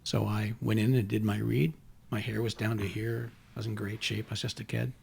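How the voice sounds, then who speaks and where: A man from Canada hosting a podcast, telling an anecdote in an unhurried, casual way. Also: on the low side, little pitch movement, vocal fry, a little mellow, slightly rough. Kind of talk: casual chat.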